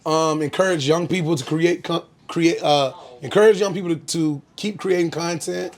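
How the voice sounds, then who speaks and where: A man's voice: on the high side, fairly even intonation, normal speed. A young man from Florida, a comedian telling stories in a casual interview, laid-back with lots of "um" fillers. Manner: laid-back storytelling, frequent "um" fillers, bursts of laughter. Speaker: comedian guest.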